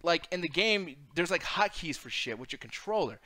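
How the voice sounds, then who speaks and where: A man hosting a casual chat about video games, excitable and rambling, swearing freely as he argues his picks. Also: on the high side, moderate pace.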